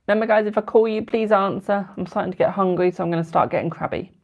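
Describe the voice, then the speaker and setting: A man's voice: high voice, fast, creaky, muffled recording. A twenty-year-old man giving tarot readings on a live stream, chatting casually and affectionately calling viewers darling and boo. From United Kingdom. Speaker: tarot reader.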